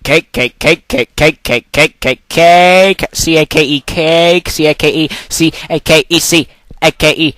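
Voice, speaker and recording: Guy rambling nonsense into his computer mic, kinda high voice, dry close sound, lots of stop-start. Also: pushed and bright, dry recording, rough recording. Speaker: amateur narrator. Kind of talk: improvised rambling comic monologue. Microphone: computer microphone.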